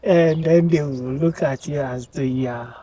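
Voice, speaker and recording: A woman student guest in a casual interview, speaking softly and hesitantly, with a reflective tone. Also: low voice, moderate pace.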